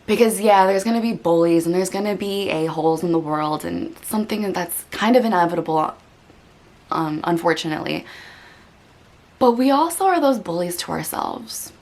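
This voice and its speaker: A woman's voice: lowish voice, expressive, normal speed, darkish tone. A woman hosting a meditation channel talks candidly to the camera, earnest and reflective, with lots of "like" and "you know", and at times she is close to tears. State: getting emotional. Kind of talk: candid personal talk to camera.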